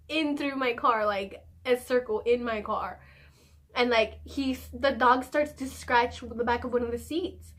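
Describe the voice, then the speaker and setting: A woman's voice: on the high side, fairly bright tone. A young adult woman telling a story in casual vlog style, chatty and profane, full of fillers. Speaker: vlogger.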